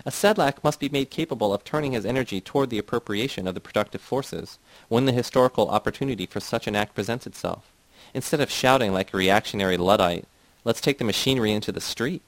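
A man reading a novel aloud as scripted narration, in a steady, measured way. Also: lowish voice, no echo, low-quality recording. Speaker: audiobook reader.

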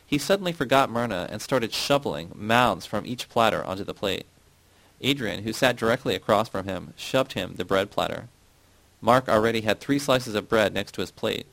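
A man narrating a novel in the first person, with a gravelly, creaky voice. The sound is dry and close, with no room around it. He reads in a steady, measured way. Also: on the low side, dry recording, poor audio. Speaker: audiobook narrator.

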